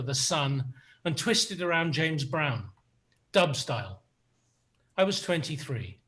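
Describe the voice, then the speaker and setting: A man's voice: on the high side, fairly bright tone. An English man in his sixties from south of London reading poetry with dry, wry asides. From England, south of London. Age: 60s. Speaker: guest poet reading.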